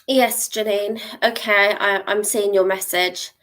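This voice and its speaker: A woman's voice: mid-range voice, fairly even intonation, unhurried, fairly bright tone. Reassuring woman giving psychic readings. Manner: reassuring, checks in with frequent "okay?". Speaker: psychic reader. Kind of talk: live psychic reading stream.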